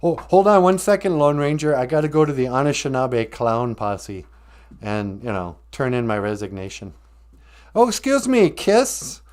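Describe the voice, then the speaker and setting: A man voicing an eager, apologetic male sidekick who talks in a hurried way. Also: mid-range voice, sing-song, a little mellow, natural voice.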